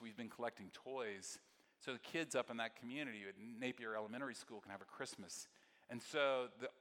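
A pastor delivers a sermon in a bright, forceful voice. He tells lively stories and then sinks into hushed, soft passages. The sound carries the long reverb of a large church hall. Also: medium pitch. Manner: storytelling, swings from excited to very soft and hushed.

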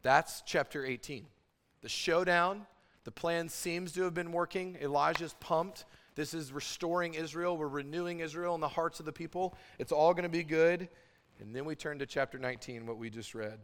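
A man preaching a sermon, telling a Bible story with dramatic swings between loud and hushed delivery and sarcastic asides. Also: a little high, moderate pace, long reverb tail. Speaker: pastor.

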